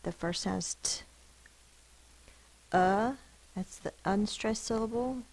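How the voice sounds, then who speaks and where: A woman's voice: mid-range voice, vocal fry, a little mellow, slightly rough, poor audio. A woman teacher giving a spelling lesson, patiently sounding out words and explaining the rules behind each sound. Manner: slow, careful sounding-out of words.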